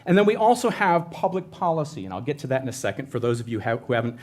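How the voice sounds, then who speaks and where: A man presenting for a state environmental agency gives an educational talk in a conversational style, often restarting and correcting himself. His voice is medium in pitch with a somewhat dark tone, and he speaks fast.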